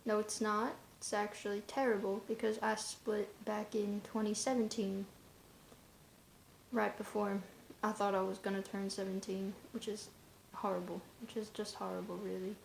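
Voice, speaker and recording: A woman's voice: medium pitch, little pitch movement, moderate pace, vocal fry, slight background noise. A woman talking in a casual vlog monologue, rambling and offhand, in loose run-on asides. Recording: roomy echoey room.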